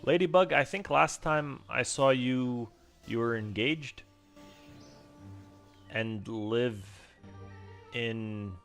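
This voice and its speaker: A man's voice: medium pitch, very slow, long pauses, fairly bright tone, soft background music. A man giving casual, chatty gameplay commentary, self-deprecating and swearing now and then. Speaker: streamer.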